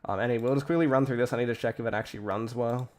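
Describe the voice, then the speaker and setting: A man's voice: medium pitch, steady tone, rapid-fire, darkish tone. Australian male streamer, crude rambling commentary, cuts himself off, home setup. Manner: rambling, profane, self-interrupting. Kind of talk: casual live-stream commentary.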